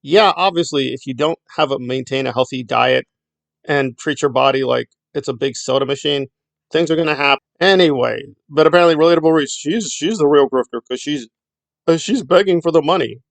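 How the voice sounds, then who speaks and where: A man's voice: a little high, brisk, gravelly, no room sound. A middle-aged man giving blunt, sarcastic commentary in a rambling vlog. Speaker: YouTube commentator.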